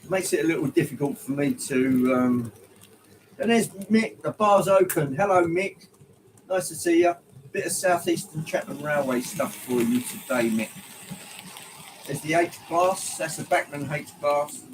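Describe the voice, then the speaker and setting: A man's voice: medium pitch, a little hiss or hum, rough recording. Chatty man hosting a livestream. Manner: rambling and friendly, greeting viewers by name, many ums. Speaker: livestream host. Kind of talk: casual livestream chat. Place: home hobby room, indoors.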